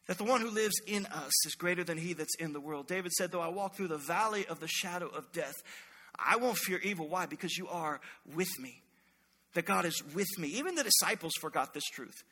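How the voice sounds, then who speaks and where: Bright, high-voiced pastor preaching. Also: male voice, fairly quick, breathy edge, in a large hall. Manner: animated storytelling, acts out quoted voices. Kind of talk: sermon.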